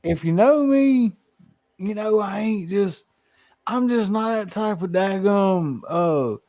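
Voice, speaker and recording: Rambling man, slightly high voice. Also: lively intonation, slow, darkish tone. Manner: rambling, restarts a lot, folksy swearing. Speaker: podcast host. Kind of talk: casual chat.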